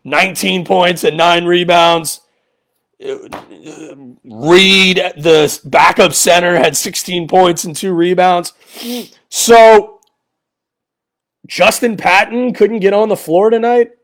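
A man with a high-pitched voice hosts a solo sports podcast. He rants in frustration, sarcastic and repetitive, his voice rising even higher as he gets worked up. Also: slow. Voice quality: voice goes high when angry. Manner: frustrated, sarcastic, repeats a player's name for emphasis. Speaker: podcast host.

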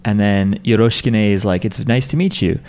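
A man's voice: on the low side, brisk, a little mellow, clear, resonant tone. Casual man explaining an anime plot. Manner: profane, explanatory, leads the discussion. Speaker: podcast co-host. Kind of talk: casual anime recap chat.

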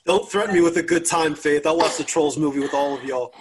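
A man's voice: on the high side, a little fast, crowd noise. A man hosting a panel, friendly and playful as he asks the guests questions. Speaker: panel host. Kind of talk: casual panel chat.

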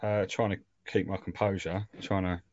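A young man with a very low voice talks in casual podcast chat, rambling, self-deprecating and openly emotional. The sound is dry and close, a little dull in the highs. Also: little pitch movement, moderate pace, darkish tone, no echo. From England. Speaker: podcast co-host.

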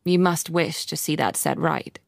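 A woman's voice: sits low, unhurried, creaky, no room sound, studio quality. Woman voicing a stern, formal older headmistress.

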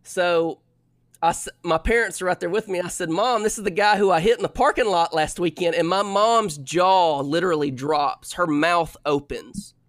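Young male storyteller, exasperated and lively, slightly high, close dry mic. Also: moderate pace, dry recording. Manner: animated, exasperated retelling. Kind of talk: casual storytelling.

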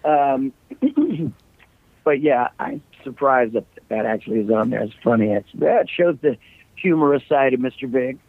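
A man's voice: mid-range voice, very animated, a little slow, no room sound. A middle-aged man, a rock singer, chatting loosely as a guest, his voice a little scratchy, joking and rambling through stories. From United States. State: slightly scratchy voice. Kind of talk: casual interview chat. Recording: dry, tinny call line.

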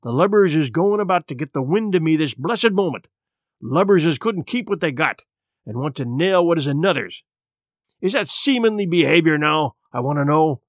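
A man reading an audiobook, voicing a drunken, feeble old sea captain who pleads in rough sailor's dialect. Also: on the high side, no room sound, studio quality. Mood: agitated. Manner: rough seafaring dialect, wheedling.

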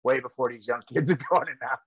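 A man's voice: medium pitch, fast, slightly rough, no echo, lo-fi sound. A man and former wrestler telling rambling stories in casual chat, often laughing as he goes. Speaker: professional wrestler and trainer.

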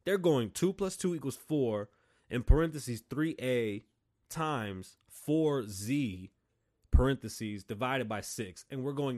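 A man from Las Vegas, Nevada hosts his own podcast in a blunt, profane monologue, his medium-pitched, darkish voice slow and expressive. He argues his views hard, rising in heated bursts when a point gets under his skin.

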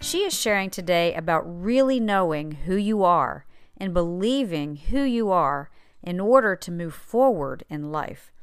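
A woman's voice: medium pitch, clear, resonant tone, dry recording, clean studio sound. A woman hosting a faith show, giving an upbeat scripted introduction and asking the listener direct questions. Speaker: host.

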